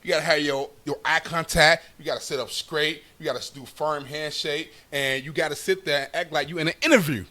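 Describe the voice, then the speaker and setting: Brisk and barely pausing, this young man delivers stand-up storytelling in an easygoing way, ending lines with "right?". His pitch is on the high side and his tone bright and forceful, with no echo in the audio.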